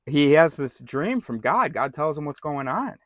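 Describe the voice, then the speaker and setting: A man's voice: fairly high pitch, sing-song, measured pace, a bit bright, dry recording, studio quality. A man giving casual, irreverent commentary on a scripture reading, joking and correcting himself as he goes. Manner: irreverent, joking, self-correcting, laughs often. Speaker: bible study host.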